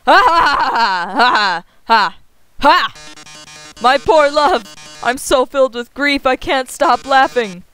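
A flamboyant robot star of a game, all melodrama and gloating cackles, as a woman puts it on. The voice sits high and over the top. Faint game music runs underneath. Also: measured pace, fairly bright tone, rough recording. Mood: hammy gloating.

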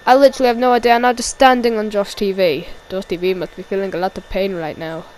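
A woman giving excited amateur play-by-play wrestling commentary, repeating each call and shouting at the big moves. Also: medium pitch, fast talker, low-quality recording.

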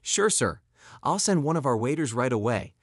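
A man's voice: mid-range voice, sing-song, moderate pace, no echo, studio quality. A man voicing a restaurant manager who speaks formally and stiffly.

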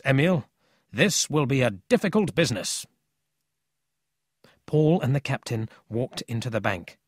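A man narrating a children's storybook in a slow, expressive reading. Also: slightly rough, no echo, studio quality. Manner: slow, expressive, lively pitch. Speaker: audiobook narrator.

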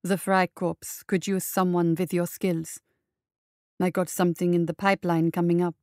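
A woman voicing a gruff, sly male mercenary leader with a smug, drawling manner. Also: on the low side, little pitch movement, moderate pace, darkish tone, no room sound, studio quality, natural voice.

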